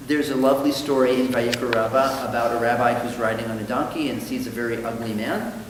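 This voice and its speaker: Man, rabbi, relaxed lesson, middle pitch, faint background hiss. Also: a little fast, recorded from a distance. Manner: thoughtful, acts out quoted dialogue with livelier voice. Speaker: rabbi teaching a study class. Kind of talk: conversational Talmud lesson. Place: synagogue study hall. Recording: very echoey hall, faint noise.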